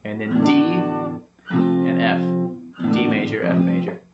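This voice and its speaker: A man's voice: deep voice, fairly even intonation, measured pace. A man giving a casual guitar lesson, explaining step by step in an easygoing way with lots of fillers. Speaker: guitar teacher. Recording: roomy, dull sound with loud guitar.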